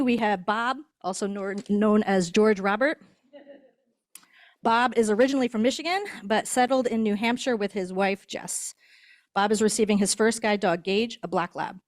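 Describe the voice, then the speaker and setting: A woman who trains guide dogs, introducing graduates at a ceremony in a chatty way, laughing now and then. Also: mid-range voice. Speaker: guide dog instructor. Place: indoor ceremony hall.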